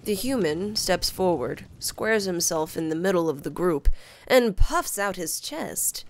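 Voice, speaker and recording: A woman tells a tabletop adventure in a slow, storybook manner with a lively, rising and falling voice. Her tone is a touch low and gravelly, with a faint hiss behind it. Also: no room sound. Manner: slow, expressive telling with character voices. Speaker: game master narrator. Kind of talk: storybook narration of a tabletop game.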